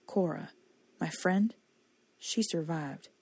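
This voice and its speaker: A woman's voice: low-pitched, slow pace, vocal fry, a little mellow, breathy edge, no echo, full character voice. A woman voicing a bitter, threatening young male soldier who speaks curtly. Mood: hard. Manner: curt, hostile.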